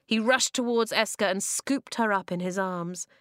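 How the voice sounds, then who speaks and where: A woman reading a children's novel aloud, expressive, voicing the dialogue with big leaps in pitch and loudness. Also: normal speed, hardly any pauses, clear, resonant tone, dry recording, clean studio sound. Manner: expressive, acts out dialogue with sharp jumps in pitch and volume. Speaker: narrator.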